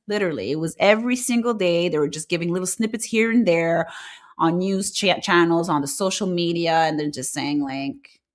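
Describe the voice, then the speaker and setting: A woman hosting an online talk show, ranting bluntly and animatedly in casual chat with her live viewers. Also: fairly low pitch. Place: lives in Quebec, Canada.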